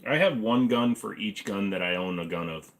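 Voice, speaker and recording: A man's voice: on the low side, expressive, moderate pace. A man in his forties hosting a casual livestream Q&A from his apartment, talking in a rambling, offhand, joking way. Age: 40s. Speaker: livestream host. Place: apartment bedroom-living room.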